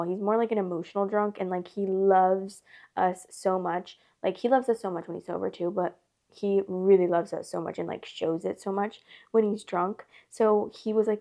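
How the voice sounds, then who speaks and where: Gravelly-voiced woman rambling through a story. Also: mid-range voice, dark tone. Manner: rambling, filler-heavy with constant "like". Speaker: storytime host. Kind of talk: casual storytime chat.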